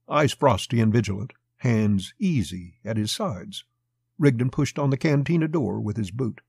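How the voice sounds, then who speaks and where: Male narrator, husky, dry close sound, measured storytelling. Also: medium pitch, darkish tone, no echo. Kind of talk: audiobook narration of a western.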